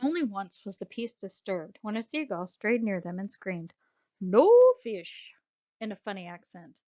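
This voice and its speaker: A woman narrating a children's storybook in a measured, expressive reading voice. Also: mid-range voice. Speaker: audiobook narrator. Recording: dull lo-fi audiobook recording.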